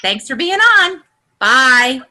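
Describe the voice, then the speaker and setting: A woman leading a video-call coaching session, excitable and earnest, her voice climbing high when she gets excited. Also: takes it slowly. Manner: earnest and encouraging, building to heartfelt pep talk. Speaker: group leader.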